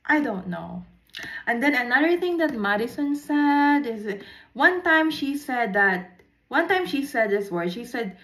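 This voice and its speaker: Lady rambling through a story for her vlog, kinda high voice, repeats herself a lot. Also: lively intonation, moderate pace, fairly bright tone, reverberant. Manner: rambling, repeats herself, switches between English and Tagalog. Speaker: vlogger. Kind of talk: casual storytelling to camera.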